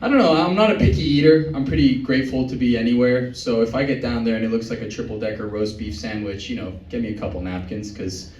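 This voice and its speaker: A young man performing a stand-up set in a comedy club, with a deadpan, meandering delivery. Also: medium pitch, fast, few pauses, dull audio, slight background noise. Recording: echoey club from far off.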